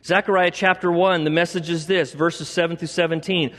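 A man's voice: a little high, level tone, brisk, fairly bright tone. Man preaching in a reverberant hall. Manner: repetitive, emphatic preaching with chatty asides. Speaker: pastor. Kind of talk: sermon. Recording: long reverb of a large hall.

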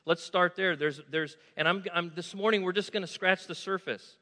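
A male pastor preaches to his congregation, pushing them to call answers back to him. His voice is bright and forceful and sits a little high for a man. It rings with the long reverb of a large church hall. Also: normal speed. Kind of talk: sermon. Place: church sanctuary.

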